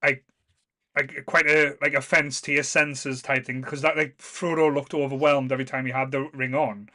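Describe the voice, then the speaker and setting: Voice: medium pitch, little pitch movement, normal speed, sharp tone. A podcast co-host in casual chat, jokey and rambling, laughing a lot.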